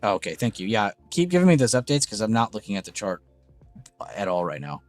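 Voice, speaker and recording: A young man hosting a casual live trading stream, excitable and gushing, swearing freely. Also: on the low side, fast, dry recording. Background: faint background music.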